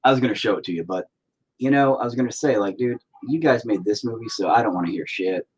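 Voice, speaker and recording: A man's voice: lowish voice, fast, slightly rough. A man hosting a livestream in casual chat, rambling and teasing the viewers with lots of profanity. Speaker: livestream host.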